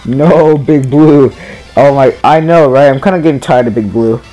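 Mellow young man streaming a kart race. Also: medium pitch, moderate pace, faint music behind. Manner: chatty, self-deprecating, talking to viewers while playing. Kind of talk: casual gameplay commentary.

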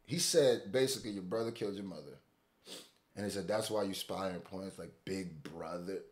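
A man hosting a reaction video, commenting casually with loud excited exclamations and repeating lines back. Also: sits low, moderate pace, reverberant.

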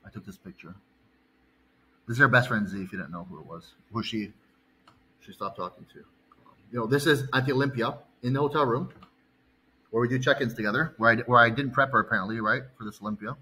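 A man's voice: medium pitch, fast, pauses often, bright, forceful tone, slight background noise, low-quality recording. Heated, foul-mouthed male coach ranting. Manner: heated, profane, rambling. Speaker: bodybuilding coach. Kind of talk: angry personal story vlog.

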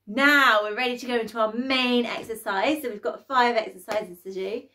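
There's light music behind a young woman instructing a children's exercise class. Her slightly high voice sounds pushed and bright at a normal speed, and she stays upbeat and encouraging while counting down the exercises.

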